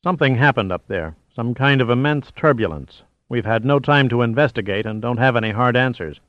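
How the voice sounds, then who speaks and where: A man voicing a terse, stony male commander who speaks quietly. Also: mid-range voice, lively intonation, a little fast, no echo, highs cut off, lightly acted. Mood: steady.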